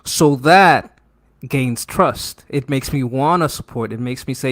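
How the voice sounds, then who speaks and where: A man's voice: medium pitch, a little slow, a bit bright. A man on a livestream panel giving emphatic advice in casual talk.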